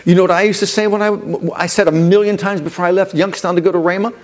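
A man's voice: high-pitched, steady tone, quick pace. Emphatic male preacher, faint music behind. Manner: preaching with emphatic repetition, rising to declarations. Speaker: pastor. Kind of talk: sermon.

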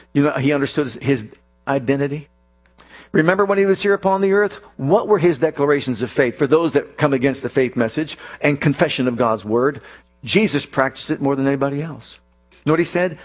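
A male preacher delivering a sermon with emphatic, repeated declarations. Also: mid-range voice.

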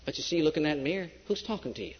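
A man preaching a sermon emphatically, swinging between loud declarations and hushed storytelling. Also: a little high, lively intonation, very fast, slightly rough. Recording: dull lo-fi recording with long hall reverb.

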